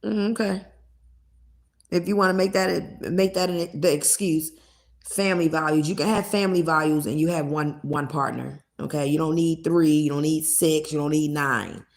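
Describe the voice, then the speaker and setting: A woman's voice: deep voice, fairly even intonation, normal speed. A young woman chatting bluntly and profanely with viewers on a livestream, laughing between points. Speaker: live streamer. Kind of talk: casual livestream chat with viewers.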